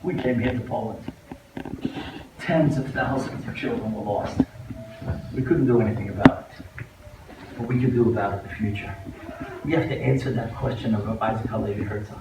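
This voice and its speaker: A man, a rabbi, giving a storytelling speech at a banquet, moving between hushed and impassioned delivery. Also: fairly low pitch, a little fast, long pauses. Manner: dramatic, swings from hushed to impassioned. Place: large banquet hall. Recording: echoey hall recorded from far off, faint noise.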